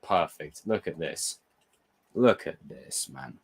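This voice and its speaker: Excitable guy, lowish voice. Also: takes it slowly, creaky, husky. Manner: excitable, swears and stumbles, answers viewer comments. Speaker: livestream host reviewing a TV episode. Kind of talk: casual live reaction chat.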